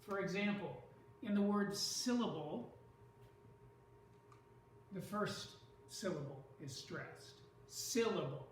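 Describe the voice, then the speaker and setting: A teacher giving a lesson on poetry, speaking slowly and deliberately and sounding out stressed syllables. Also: mid-range voice, lively intonation, a little hiss or hum. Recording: echoey room from far off.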